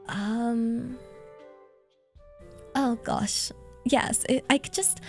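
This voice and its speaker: A woman's voice: on the high side, fairly even intonation, very slow, pauses often, a little mellow, faint music behind. A woman VTuber streamer chatting casually with her viewers, giggling often and thinking aloud with lots of fillers. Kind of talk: casual livestream chat, reading donations.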